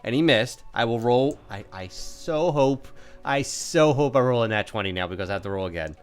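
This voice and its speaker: A man's voice: mid-range voice, expressive, moderate pace, soft background music. A man running a tabletop game as game master, counting out distances and bantering with players.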